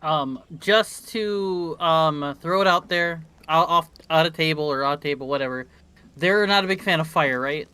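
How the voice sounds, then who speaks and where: A man's voice: fairly high pitch, moderate pace, pushed and bright, clear, resonant tone. A man playing a tabletop game, speaking in character and out, hesitant and stumbling over words. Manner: hesitant, full of ums and restarts. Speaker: player. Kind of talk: casual tabletop role-play.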